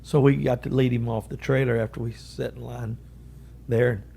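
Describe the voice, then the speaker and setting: Middle-aged cattleman, gravelly and mellow, folksy storyteller; faint noise behind. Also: medium pitch, level tone. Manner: folksy, drawn-out storytelling with repeated quotes. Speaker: cattle breeder, podcast guest. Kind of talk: storytelling in an interview.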